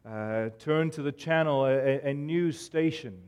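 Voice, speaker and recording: A man preaching a sermon, reading scripture and then addressing the congregation in a measured, deliberate way. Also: fairly high pitch, a little mellow, clean tone. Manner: slow, measured delivery with pauses.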